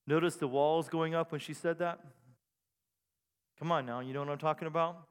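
High-pitched preaching pastor in a reverberant hall. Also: male voice, normal speed, pauses often. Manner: animated preaching with bursts of shouting. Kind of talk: sermon. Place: church sanctuary. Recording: long reverb in a church hall.

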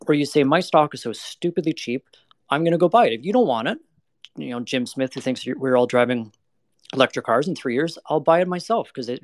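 A man's voice: medium pitch, no room sound. A man being interviewed about energy investing, talking bluntly and candidly, with lots of "like" and "you know.". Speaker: energy investment manager guest.

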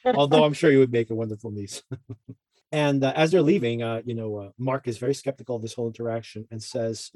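A man's voice: medium pitch, fairly quick, darkish tone, no echo. A man hosting a podcast, recapping a TV show in a chatty, rambling way with asides. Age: adult parent. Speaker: podcast host. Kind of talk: casual TV recap chat.

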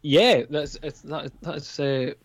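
A man's voice: fairly high pitch, slow, dry recording. A man with a Scottish accent, co-hosting a podcast in casual chat, laughing often and repeating words as he gets going. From Scotland. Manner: laughs a lot, repeats words when starting. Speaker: podcast co-host.

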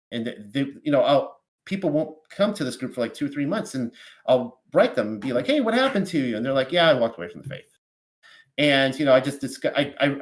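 A man who leads a study group as a minister, reading scripture aloud and explaining it in a conversational, rambling way full of asides. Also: mid-range voice. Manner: conversational, rambling with frequent "you know" asides.

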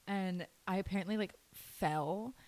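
A woman's voice: medium pitch, a little slow, a little mellow, poor audio. A young adult woman co-hosting a podcast, blunt and chatty, swearing freely and laughing a lot. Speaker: podcast co-host. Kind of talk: casual chat.

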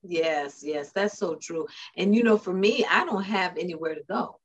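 A married woman in casual chat, telling animated family stories and laughing often. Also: lowish voice, moderate pace, husky, highs cut off.

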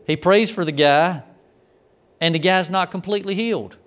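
A man preaching a sermon, telling a story and acting out its quoted lines, moving between loud commands and quiet asides. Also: high-pitched, normal speed. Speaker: pastor.

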